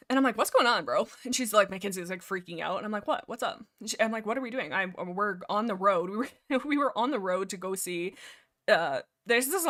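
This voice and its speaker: A woman's voice: medium pitch, a bit bright. Young woman livestreaming, rambly chat, keeps getting sidetracked and talking to chat. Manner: rambling, easily distracted, reads chat aloud. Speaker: livestream host. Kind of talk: casual chat.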